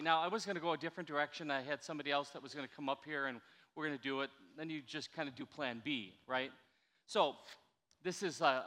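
An older man preaching a sermon in a church, chatty and animated, coaxing his congregation to answer back. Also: a little high. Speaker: pastor. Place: church sanctuary. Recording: reverberant church hall.

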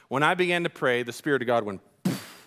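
A man preaching a sermon as a pastor, telling stories in a conversational, animated way with casual slang. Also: medium pitch, fast talker. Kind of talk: sermon with storytelling.

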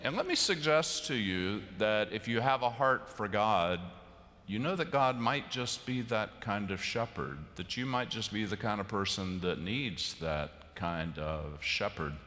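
A middle-aged man preaching a sermon in a large church, telling stories with sudden loud bursts and sharp shifts in volume. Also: lowish voice, animated, a little slow, slight background noise. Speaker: pastor. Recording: long church reverb.

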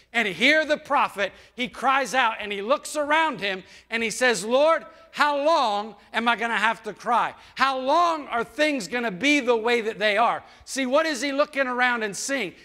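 A man's voice: sits high, sharp tone. A man preaching a sermon in a folksy, conversational way, asking the congregation rhetorical questions. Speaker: pastor. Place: church.

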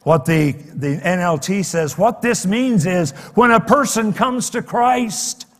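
An older man preaching a sermon as pastor, dramatic, swinging between loud exclamations and hushed lines. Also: high-pitched, slow pace. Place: church sanctuary. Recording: long reverb of a large hall.

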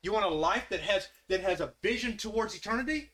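This man's voice sits high and sounds sharp, and he speaks fast. He leads a Bible study in a folksy, conversational way, putting questions to the group.

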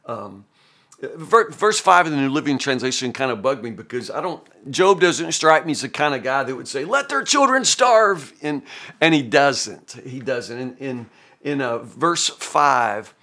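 A middle-aged man hosts a Bible reading podcast, with a voice at an ordinary middle pitch. He comments on scripture casually and thinks out loud, often restarting his phrases. He keeps the tone plain and conversational, without a preaching cadence. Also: animated, moderate pace. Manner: conversational and thinking aloud, with frequent restarts and "you know".

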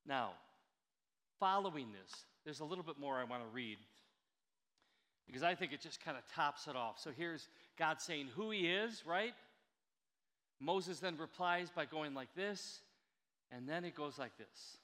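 A man preaching a sermon as a pastor, earnest and emphatic, slowing down to stress key words. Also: a little high, lively intonation, bright, forceful tone, long reverb tail.

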